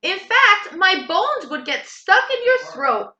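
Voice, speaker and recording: A woman's voice: very high voice, sing-song, slow, pushed and bright, echoey room, lo-fi sound, pitched above the performer's own voice, exaggerated voice. A woman voicing a small, clever young male goat in a storybook reading, talking his way out of danger. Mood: coaxing.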